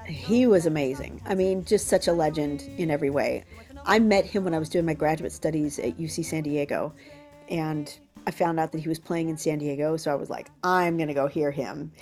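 Low-voiced woman telling stories. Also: brisk, soft background music. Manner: animated storyteller who acts out quotes. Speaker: guest musician. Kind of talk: interview anecdote.

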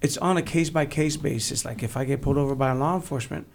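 A man's voice: medium pitch, quick pace, vocal fry, slight background noise. A man from Texas, a guest telling blunt, joking stories in a casual interview. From San Antonio, Texas.

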